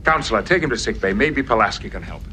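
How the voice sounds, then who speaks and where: An actor playing a commanding starship captain in a TV drama, speaking with emphatic, theatrical force. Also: male voice, fairly low pitch, expressive, fast talker, bright, forceful tone, faint music behind. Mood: urgent. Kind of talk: TV drama acting.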